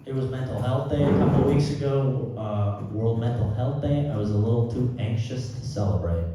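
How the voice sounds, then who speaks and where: Man doing deadpan stand-up in a roomy theater. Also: medium pitch, moderate pace, very noisy. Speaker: stand-up comedian. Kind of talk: live stand-up set. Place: theater stage before a live audience. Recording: roomy hall audio from a distance with crowd. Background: audience laughter.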